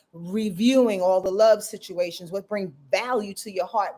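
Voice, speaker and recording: A woman's voice: mid-range voice, darkish tone. Brash, playful woman giving astrology forecasts. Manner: brash, profane, playful, acts out quotes. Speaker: astrologer host.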